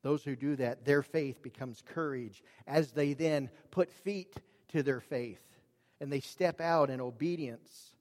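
A man preaching a sermon, earnest and emphatic, dropping his voice low and raising it for emphasis. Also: unhurried, a little mellow. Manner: earnest, emphatic, varies volume for drama. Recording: long reverb of a large hall.

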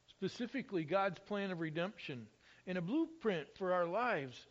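A man's voice: sits high, lo-fi sound. A man preaching a sermon, teaching through scripture and lifting his voice when he quotes it. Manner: expressive, rises loudly when quoting scripture. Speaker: pastor.

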